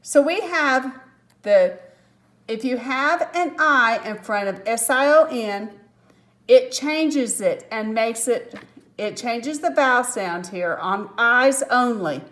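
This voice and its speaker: Slow-talking woman teaching phonics. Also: fairly high pitch, animated, a bit bright. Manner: patient, step-by-step explaining with asides. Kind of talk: phonics lesson.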